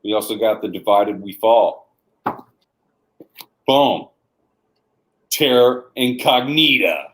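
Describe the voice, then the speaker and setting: A man co-hosting a live comic shop sales show, calmly listing deals and calling his viewers "folks". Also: lowish voice, slow, low-quality recording. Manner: easygoing, lists deals and repeats "folks".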